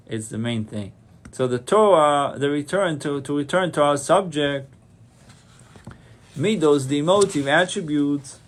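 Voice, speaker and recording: A man, a rabbi, giving a Torah lecture, saying Hebrew terms and then translating them, often repeating a phrase to stress it. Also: a little high. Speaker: rabbi teaching a class.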